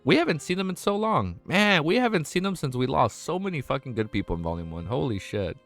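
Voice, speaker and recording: Excitable young man reading a web novel aloud. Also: a little high, brisk, faint music behind. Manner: gushing, swears often, says "dude" a lot.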